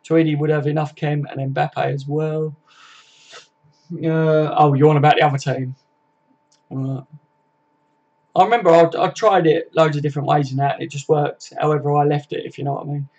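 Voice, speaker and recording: A young man chats loosely on a home live stream, swearing and calling everyone "mate". His voice sits a bit high and stays fairly flat in pitch. The audio is dull and lo-fi. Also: moderate pace, pauses often. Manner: chatty, laddish, swears freely, says "mate" a lot. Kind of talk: casual live stream chat reading viewer comments.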